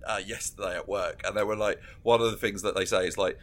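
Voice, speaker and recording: A man's voice: on the low side, steady tone, fast, fairly bright tone. A man co-hosting a casual podcast chat, laughing often and acting out scenes as he retells them. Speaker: podcast co-host.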